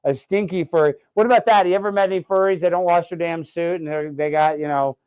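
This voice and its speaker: Guy hosting his show, kinda high voice, loud jokey rambling, yells out of nowhere. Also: fairly even intonation, quick pace, smooth. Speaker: show host. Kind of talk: casual interview chat. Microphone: video call setup.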